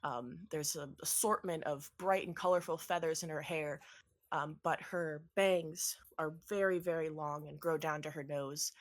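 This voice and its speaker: A woman's voice: sits low, fairly even intonation, unhurried. A woman narrating as game master in a tabletop game, with many ums as she meanders through descriptions.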